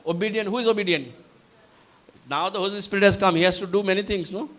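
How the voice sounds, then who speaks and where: A man with an Indian English accent, preaching a live sermon, halting and searching for words, booming out whenever he quotes the voice from heaven. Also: steady tone, fairly bright tone. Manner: booming when quoting the voice from heaven. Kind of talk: live sermon with Bible teaching.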